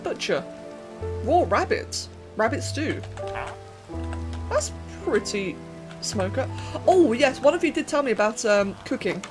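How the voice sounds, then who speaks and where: A young woman giving chatty, excitable let's-play commentary, thinking aloud and talking to the characters on screen. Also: a little high, a little slow, pauses often, music in the background. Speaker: gaming channel host.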